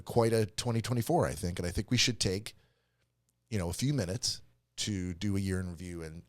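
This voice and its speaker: Low-voiced joking podcast co-host man. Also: dry recording, studio quality. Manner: joking, rambling, laughs often. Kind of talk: casual comedy podcast banter.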